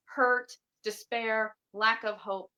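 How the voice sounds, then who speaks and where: A woman's voice: a little high, fairly even intonation, slow pace, pushed and bright. A woman guest on a podcast, an author and podcaster, talking about faith in a fervent, emphatic way. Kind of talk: casual faith-based interview chat.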